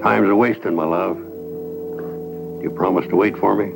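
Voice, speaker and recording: A gravelly drawling retired ranger, folksy and sweet on his girl, music under it. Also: deep voice, fairly even intonation, moderate pace, rough recording. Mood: tender. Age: older. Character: old retired Texas Ranger, folksy and gallant. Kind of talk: 1970 western film acting.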